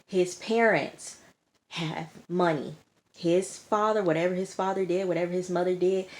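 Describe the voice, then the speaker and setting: Her voice is low and a little mellow as she casually reviews a reality TV show. She repeats herself emphatically and keeps saying "like" and "okay." The setting is indoors, with sirens outside.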